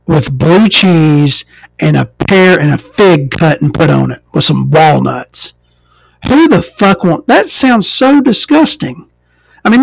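A woman's voice: on the low side, vocal fry, dry recording. An American trans woman hosting a podcast, ranting casually and sarcastically with a lot of swearing. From United States, inland. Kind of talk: casual comedic rant monologue.

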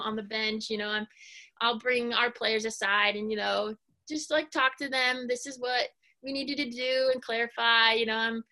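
In a casual interview, a former college basketball player turned coach, a woman in her thirties, responds softly and with hesitation, filling her answers with pauses and fillers. Her voice is on the high side.

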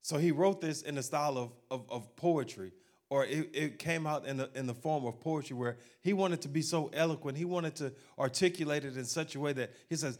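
A male pastor preaching a sermon to his congregation in an animated, humorous manner. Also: a little high, fairly quick.

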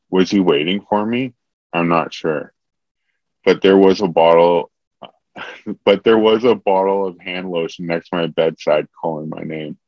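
Deep-voiced man reading comic erotica. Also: dry recording, dull audio. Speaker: comedian reading his own erotica. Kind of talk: comedic reading of a written story.

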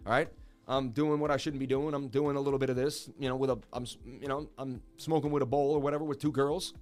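A man who hosts a market livestream, telling a wild personal story in an excited, repetitive way while speaking straight to viewers. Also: mid-range voice, quick pace, soft background music. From Boston area, US. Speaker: crypto market streamer.

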